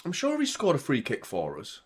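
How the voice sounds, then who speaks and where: Excitable man reacting to football. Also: on the high side, fairly quick. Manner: laid-back chat that jumps to loud excited reactions. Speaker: watchalong host. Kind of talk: live football watchalong commentary.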